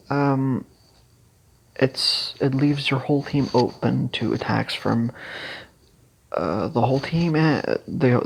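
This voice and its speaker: Someone who makes casual game strategy guides explains team builds haltingly, with lots of fillers and restarts, clearing their throat now and then. Their pitch is medium and the recording is rough.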